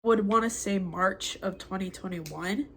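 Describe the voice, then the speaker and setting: Slow, halting young woman. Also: mid-range voice, a little hiss or hum. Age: young adult. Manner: slow, halting and reflective, with many pauses and fillers. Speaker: former student addressing a mentor. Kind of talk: heartfelt spoken letter to camera.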